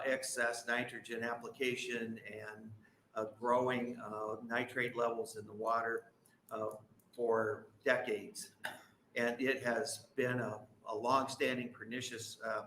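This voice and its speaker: A man gives committee testimony in a candid, folksy way, pausing often on fillers. His voice is bright and forceful, and it rings in an echoey hearing room. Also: mid-range voice, slight background noise. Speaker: farm group president testifying.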